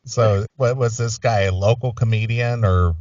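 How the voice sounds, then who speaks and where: A man's voice: fairly low pitch, moderate pace, darkish tone, no echo. A man co-hosting a podcast, chatting casually with short, dry reactions. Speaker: podcast co-host. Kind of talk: casual chat. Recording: distant, dull lo-fi mic.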